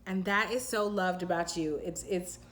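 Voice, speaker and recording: A woman giving a pick-a-pile tarot reading to her viewers, rambling and intuitive, full of fillers and restarts, and slowing down to a soothing pace in places. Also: on the low side, steady tone, a bit bright. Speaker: tarot reader.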